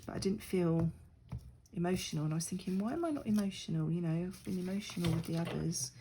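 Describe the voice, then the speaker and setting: A woman's voice: lowish voice, fast talker, noisy background. Chatty woman crafting at her desk. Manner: chatty, rambling, self-deprecating. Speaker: crafting vlogger. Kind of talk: casual chat while crafting.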